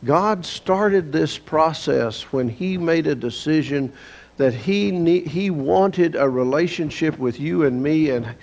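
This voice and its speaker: Gravelly Texan man teaching scripture. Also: a little high, slow, a little mellow. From Texas, USA. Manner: folksy, explanatory storytelling. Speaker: Bible study teacher. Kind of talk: conversational Bible lesson. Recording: dull lo-fi recording with faint hiss.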